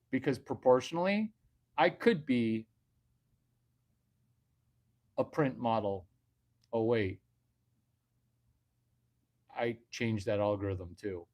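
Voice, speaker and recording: A man hosting a livestream, telling a crude, boastful, rambling comic story. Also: mid-range voice.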